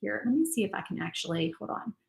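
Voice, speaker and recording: A woman's voice: mid-range voice, sing-song, quick pace, vocal fry, reverberant, low-quality recording. A woman, hosting a crafting livestream and chatting casually as she paints. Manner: chatty, thinks aloud while painting. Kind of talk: casual live crafting chat.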